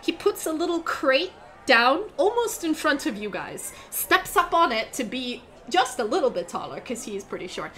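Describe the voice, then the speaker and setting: A woman's voice: high voice, sing-song, moderate pace, bright, forceful tone, slight background noise. A woman narrating as game master of a tabletop role-playing game, chatty with many fillers.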